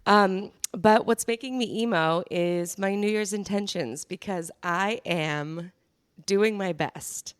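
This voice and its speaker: A woman's voice: medium pitch, takes it slowly, clean tone, no room sound, clean studio sound. A woman co-hosting a podcast, telling stories in a bubbly, gushing casual chat. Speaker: podcast co-host.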